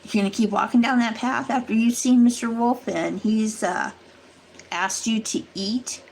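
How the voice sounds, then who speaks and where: This livestream host has a slightly high, gravelly, somewhat mellow voice with a steady tone, and she talks at a normal speed. Chatting casually but earnestly with her live audience, she addresses them directly and rambles as she warns them. The rough recording has a faint hiss or hum.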